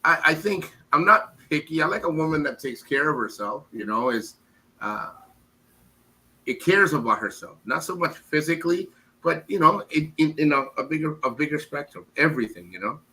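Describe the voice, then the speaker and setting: A man from the United States answers interview questions in a loose, rambling way. His voice is very bright and forward, and he trips over repeated words. Now and then he mimics others in quick bits. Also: fairly high pitch, lively intonation, poor audio. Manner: rambling, repeats words, acts out quoted women. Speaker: interview guest. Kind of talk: casual interview.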